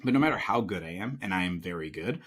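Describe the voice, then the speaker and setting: A man's voice: deep voice, animated, fast, a bit bright, a little hiss or hum. A man speaking as a guest and sales coach in an interview, emphatic, often asking "right?". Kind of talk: conversational interview.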